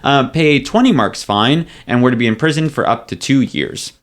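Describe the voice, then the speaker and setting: A man's voice: mid-range voice, animated, normal speed. A man co-hosting a podcast who walks through history in a chatty, filler-heavy way with casual asides. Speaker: podcast co-host presenting history.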